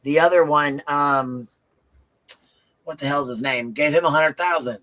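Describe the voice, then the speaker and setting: A man's voice: a little high, measured pace, fairly bright tone, poor audio. A man hosting a casual livestream who reads chat aloud and chimes in offhandedly, swearing now and then.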